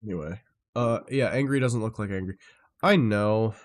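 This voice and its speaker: A man streaming live, chatting casually with viewers and jumping between tangents, often excitable and swearing freely. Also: fairly low pitch, normal speed.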